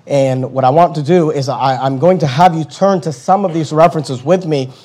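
High-voiced man preaching a sermon. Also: moderate pace, mellow. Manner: emphatic, repeats key phrases for stress. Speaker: pastor. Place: church.

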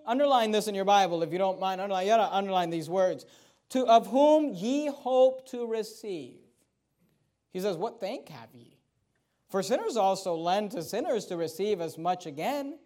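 Preaching at a moderate pace, a man with a high voice delivers a sermon that feels lively and conversational. He alternates between loud, rising moments and soft asides.

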